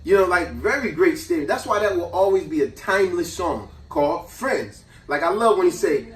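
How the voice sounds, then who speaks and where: A man hosting a casual chat, telling a childhood story in an animated, slangy way. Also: high voice, fairly quick, few pauses. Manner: animated, slangy, acts out voices. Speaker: host. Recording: roomy echo, distant mic.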